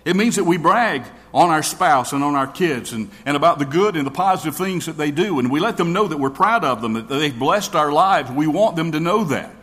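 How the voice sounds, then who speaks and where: An earnest male preacher delivers his sermon in a voice that sits a little high for a man. He often stumbles and repeats the first words of a sentence. Long reverb from a large hall trails after his words. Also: lively intonation, brisk, hardly any pauses, fairly bright tone.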